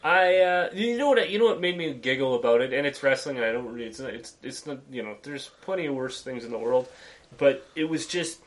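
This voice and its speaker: Animated laughing man telling a story. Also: medium pitch, brisk. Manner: animated storyteller, acts out voices, swears, laughs often. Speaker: podcast co-host. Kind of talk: casual wrestling chat.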